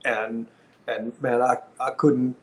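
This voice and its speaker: A middle-aged man hosting a podcast. He tells a story in a casual, animated way and acts out the lines of the people in it. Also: mid-range voice, slow. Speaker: podcast host and former wrestler.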